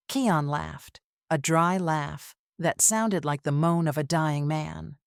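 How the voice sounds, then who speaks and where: A woman narrating a dramatic family story in an even, measured reading style. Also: deep voice, creaky, smooth, no echo, clean studio sound. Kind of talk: scripted narration.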